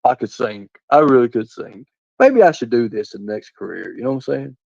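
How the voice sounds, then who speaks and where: A man's voice: mid-range voice, sing-song, a little fast, creaky, darkish tone, no echo. A man hosting a casual livestream, reading the chat aloud and trading crude jokes with his viewers. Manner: rambling, crude joking banter with viewers. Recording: dull, dry, lo-fi sound.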